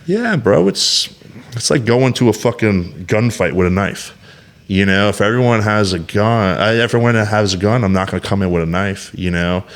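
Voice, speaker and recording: A man's voice: fairly low pitch, moderate pace. A man in his thirties, a podcast guest, talking candidly and bluntly with heavy swearing and many restarts. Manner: rambling with restarts and fillers.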